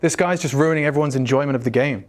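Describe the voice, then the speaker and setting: A man's voice: medium pitch, fast talker. A man ranting indignantly in a comedy skit, swearing as he complains. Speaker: esports caster.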